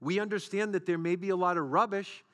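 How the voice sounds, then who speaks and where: A man's voice: high-pitched, steady tone, quick pace, fairly bright tone. A man preaching a sermon as a pastor, with repeated phrases and rhetorical questions. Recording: long hall reverb.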